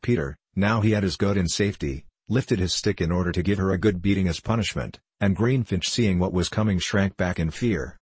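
A man reading a children's story aloud in a steady, measured narration. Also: low-pitched, husky, no room sound. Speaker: audiobook reader. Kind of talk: scripted narration of a children's classic.

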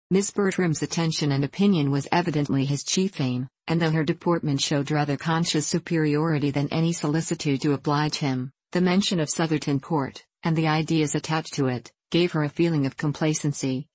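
A woman narrating a classic novel as an audiobook in a measured, even manner. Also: low voice, no echo.

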